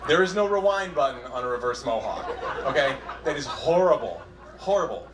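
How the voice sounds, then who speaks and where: A young man doing a stand-up comedy set on a club stage, self-deprecating and halting, with frequent restarts. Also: mid-range voice, lively intonation, noisy background. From Southern California. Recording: echoey club room, faint crowd ambience.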